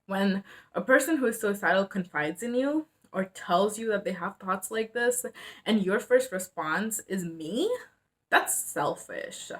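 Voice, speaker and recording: Young woman vlogging, earnest and halting, lots of likes and you knows, mid pitch. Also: animated, fairly bright tone. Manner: earnest, hesitant, frequent fillers and restarts. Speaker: mental health vlogger. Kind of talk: casual emotional talk to camera.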